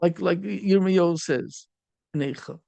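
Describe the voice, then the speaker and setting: A middle-aged rabbi with a high, gravelly voice tells a story in a sermon, dropping Yiddish and Hebrew words as he goes. The sound is dry and close. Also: takes it slowly, darkish tone, no room sound, lo-fi sound.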